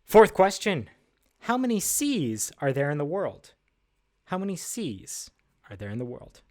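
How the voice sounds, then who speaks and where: His voice is fairly high yet darkish in tone, swinging widely in pitch at a measured pace as he hosts casual livestream trivia from a desk indoors. He's chatty and upbeat, full of fillers and self-deprecating remarks.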